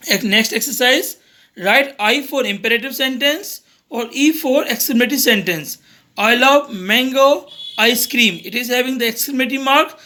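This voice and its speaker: High bright-voiced male teacher. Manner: reads examples aloud, then explains each one simply. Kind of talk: revision lesson for young students.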